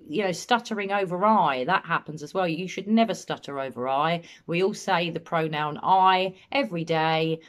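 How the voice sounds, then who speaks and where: A woman commenting on an interview clip, analysing body language in a measured, matter-of-fact way. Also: sits low. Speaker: true-crime commentator.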